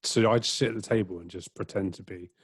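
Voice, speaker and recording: A man's voice: sits low, fairly even intonation, fast talker, husky, no room sound. A man co-hosting a podcast, talking in a hesitant, stumbling way during casual chat. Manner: hesitant, stumbling, soft-spoken. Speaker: podcast co-host.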